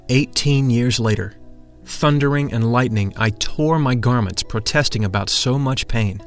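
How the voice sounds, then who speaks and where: A man giving a slow, reverent, scripted narration of a mystical text. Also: mid-range voice. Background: faint music.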